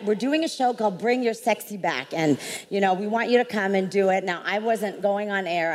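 A woman's voice: medium pitch, darkish tone. A woman on a live panel, telling a story with lots of energy, often laughing and acting out quotes. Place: large hall, live event on stage. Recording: reverberant hall with faint noise.

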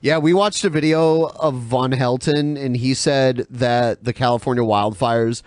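A man co-hosts a casual podcast, mocking people and laughing between his phrases. His voice sits at a middle pitch. The sound is dry and close. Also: steady tone, a little slow, no room sound. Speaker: podcast host.

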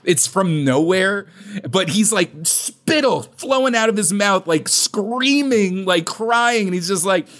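A somewhat high-voiced man co-hosting a casual podcast. He talks in an animated way, laughs often and acts out quotes in loud put-on voices. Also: takes it slowly. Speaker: podcast co-host. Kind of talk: casual chat.

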